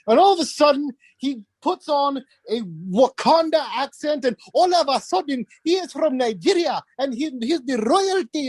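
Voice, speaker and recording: A woman with a high voice that swings widely, ranting with animated exasperation on a casual podcast. The sound is dry and close, with no room echo. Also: normal speed, hardly any pauses. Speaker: podcast guest. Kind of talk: casual wrestling review chat.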